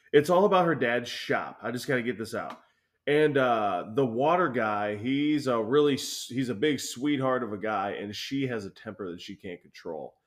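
A profane, rambling young man. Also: mid-range voice. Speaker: podcast co-host. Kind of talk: casual chat.

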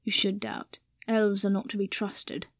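A woman voicing a timid, dutiful male house-elf servant, speaking slowly and formally, in a storybook reading. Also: mid-range voice, little pitch movement, dry recording, clean studio sound, lightly acted. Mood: solemn. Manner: slow, formal, self-deprecating speech.

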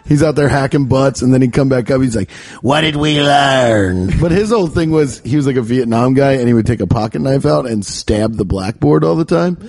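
A man hosting a casual podcast, telling profane stories and dropping into quick voices of the people in them. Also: medium pitch, creaky, no echo. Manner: profane, animated storyteller doing quick voices of others. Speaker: podcast host. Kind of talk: casual storytelling chat.

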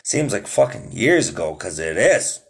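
A man's voice: on the low side, big pitch swings, moderate pace, vocal fry, husky. Rambling, swearing male podcast host. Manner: loose, rambling, heavy swearing, lots of "dude". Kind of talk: casual solo podcast chat.

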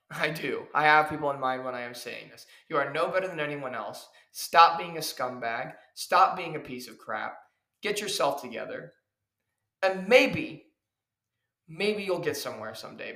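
A man's voice: mid-range voice, expressive, normal speed, sharp tone. A man hosting his own podcast as a professional wrestler, lecturing in a heated, preachy way and hammering his points over and over. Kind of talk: ranting solo podcast. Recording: echoey room.

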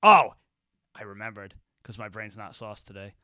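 A man hosting a podcast in casual chat, swearing freely and acting out scenes with quick quoted voices. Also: on the low side, lively intonation, bright, forceful tone, clean tone, no echo, studio quality. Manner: profane, rambling, acts out scenes in quotes. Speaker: podcast host.

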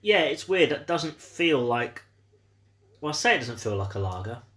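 A man's voice: medium pitch, sing-song, normal speed, fairly bright tone. A man hosting a beer podcast, chatting casually with lots of ums and uhs. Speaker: podcast host. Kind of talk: casual chat.

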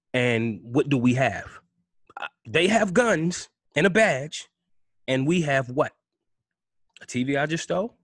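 A man's voice: medium pitch, no room sound, studio quality. A man giving a blunt, impassioned monologue as a podcast host, full of cussing and rhetorical questions.

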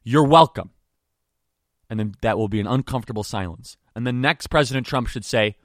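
A man's voice: mid-range voice, a little fast, no echo, studio quality. A young man hosting a political podcast, delivering commentary in an emphatic, punchy style with lists of charges. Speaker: podcast host.

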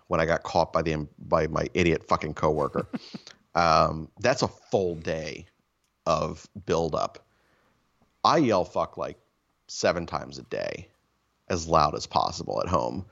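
A man with a very deep voice tells rambling, self-mocking stories full of swearing. The talk is loose and casual. The recording sounds slightly dull and muffled. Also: animated, a little slow, vocal fry, pauses often, fairly bright tone. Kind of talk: casual storytelling chat.

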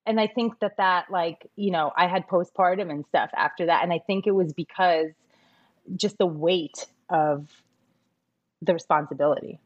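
A woman in her thirties chatting casually as a podcast guest, telling an animated story with acted-out quotes and frequent laughter. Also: fairly low pitch, normal speed, lo-fi sound. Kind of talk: casual chat.

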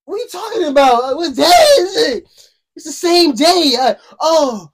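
A young storyteller with a very high voice recounts his childhood in casual conversation, keeping a measured pace. He's animated, laughs often, and performs the voices of the people he quotes.

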